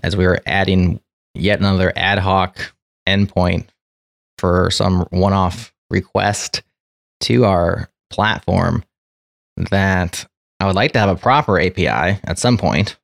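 A man's voice: low-pitched, slow pace, gravelly, dry recording, clean studio sound. A man hosting a podcast, chatting in a rambling, friendly way that often corrects itself. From United States. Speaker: podcast host. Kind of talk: casual chat.

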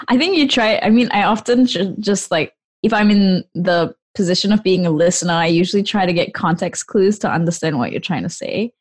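A woman's voice: lowish voice, normal speed, breathy edge. A woman on a podcast panel, chatting casually and laughing often.

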